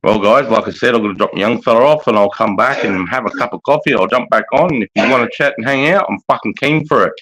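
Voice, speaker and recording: A man's voice: medium pitch, quick pace, few pauses, a bit bright, rough recording. An Australian man hosting a livestream chat, laid-back, matey and swearing freely. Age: adult with a young son. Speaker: livestream host.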